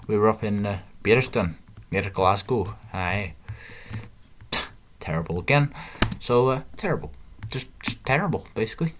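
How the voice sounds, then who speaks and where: A man's voice: low voice, a little hiss or hum. A young man, chatting casually and putting himself down while thinking aloud over a game. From northern England. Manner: chatty, self-deprecating, thinks aloud with muttered asides. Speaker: gaming video host. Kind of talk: casual gameplay commentary.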